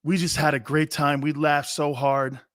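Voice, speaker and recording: Excitable talk-show man, bright and dry. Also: on the high side, normal speed, no room sound. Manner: loud, excitable, storytelling with bursts of shouting and laughter. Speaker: sports talk show host. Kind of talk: casual rambling sports talk.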